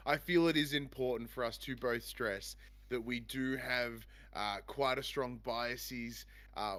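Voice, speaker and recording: A man hosts a casual podcast chat about games. His voice sits in a middle pitch, and he talks at length with plenty of enthusiasm. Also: a bit bright. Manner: rambling, enthusiastic. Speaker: podcast host.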